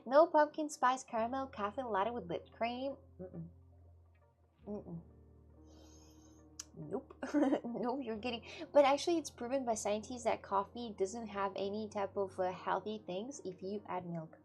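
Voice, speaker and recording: Woman, streamer, casual live chat, fairly high voice, laughs often, faint music behind. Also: unhurried. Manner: chatty, laughs often, answers chat with many restarts. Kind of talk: casual IRL livestream chat.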